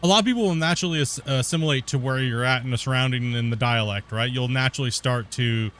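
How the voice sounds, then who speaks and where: This game streamer talks fast in a mid-range, somewhat bright voice, with slight background noise behind him. He's a young man from near the Canadian border in the northern US, with a Pacific Northwest accent tinged by West Coast Canadian. His casual stream is full of loose slang, "bro" and "dude," and plenty of laughter.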